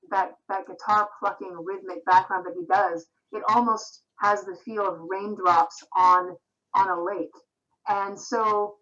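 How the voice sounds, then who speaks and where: A singer-songwriter from Vancouver, Canada, speaks as a guest in a video-call interview, her mid-range voice fairly bright. She's thoughtful and reflective, restarting often, and the Skype audio is slightly dull.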